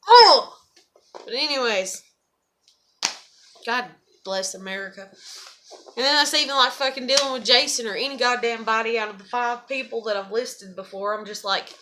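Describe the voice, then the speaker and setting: A woman's voice: on the high side, moderate pace, sharp tone. A young woman chatting in a loose, rambling vlog, swearing constantly. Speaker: vlogger. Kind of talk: rambling casual vlog chat.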